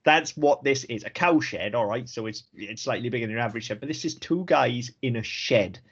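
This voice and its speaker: A man's voice: medium pitch, a little fast, slightly rough. A Welsh man co-hosting a podcast, talking frankly with a lot of swearing and easy laughter. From Wales. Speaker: podcast co-host. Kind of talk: casual podcast chat. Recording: slightly dull lo-fi audio.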